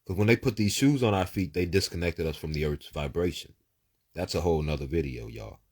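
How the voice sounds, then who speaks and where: A low, husky male voice doing a casual livestream psychic reading. He preaches with emphasis, swears often, and stacks words and lists in quick bursts. The voice is deep and a little rough. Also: expressive, a little mellow. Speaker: psychic giving live readings.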